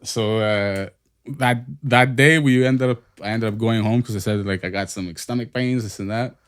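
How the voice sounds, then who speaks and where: A man on a podcast telling a high school story in casual, profane chat. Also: fairly even intonation, moderate pace, clean tone. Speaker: podcast host.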